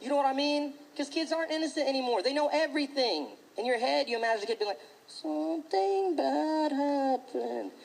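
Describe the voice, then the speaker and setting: A male stand-up comedian performing a set on stage, talking in an animated way and switching into mocking voices. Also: very high voice, very fast, few pauses, low-quality recording. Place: comedy stage before an audience.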